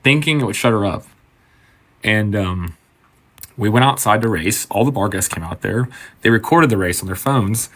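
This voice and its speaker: A man's voice: fairly low pitch, normal speed, long pauses, fairly bright tone. A man who works as a bartender, telling a story in a loose, conversational way, swearing and acting out the quotes. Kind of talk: casual storytime.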